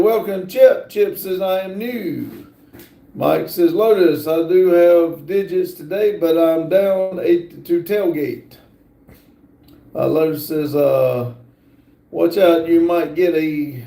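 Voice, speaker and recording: A man hosting a casual live stream, slowly reading viewer comments aloud with lots of fillers. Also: fairly high pitch, vocal fry, dark tone, reverberant. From United States. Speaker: livestream host reading chat.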